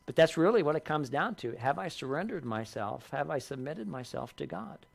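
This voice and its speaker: A man preaching a sermon, earnest, lifting his voice for emphasis and dropping low on key lines. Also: expressive, normal speed, creaky. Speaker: pastor.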